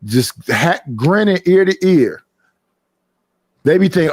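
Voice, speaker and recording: Animated, profane storytelling man. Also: high-pitched, takes it slowly, no echo, studio quality. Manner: animated storytelling, acting out others in a raised voice, profane. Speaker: podcast host. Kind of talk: casual chat.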